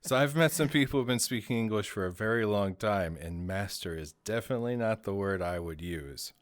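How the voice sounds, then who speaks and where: A man's voice: lowish voice, fairly quick, no echo. A man from Maryland hosting a casual studio talk show, joking and laughing often with his guest. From Maryland, USA.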